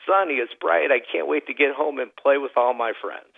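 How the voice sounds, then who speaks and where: A man's voice: medium pitch, normal speed, gravelly, slightly rough, narrow, tinny audio, voice pushed up. A man voicing a cheerful, upbeat little boy who chirps with enthusiasm. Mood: chirpy.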